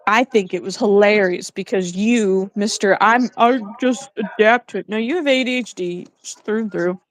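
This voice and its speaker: A woman chatting casually on a home livestream, teasing her co-host and telling animated stories with frequent laughs. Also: medium pitch, normal speed. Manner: teasing, animated storyteller who laughs often.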